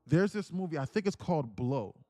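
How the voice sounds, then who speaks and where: A man's voice: fairly high pitch, very animated, brisk, mellow, dry recording. Earnest young man, close dry mic. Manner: earnest, preachy, repeats himself, swears casually. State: emotional, near tears. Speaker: day trading streamer. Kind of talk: emotional storytelling to a live stream.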